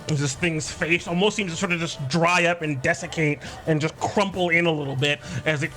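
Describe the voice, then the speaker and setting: A man narrating a tabletop game as game master, describing monsters with halting fillers. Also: on the high side, bright, forceful tone.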